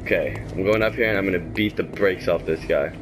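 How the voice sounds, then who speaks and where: A young man commentating his gameplay, exasperated and talking back to the game, swinging from mutters to shouts. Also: low-pitched, fairly quick, noisy background. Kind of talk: let's play commentary.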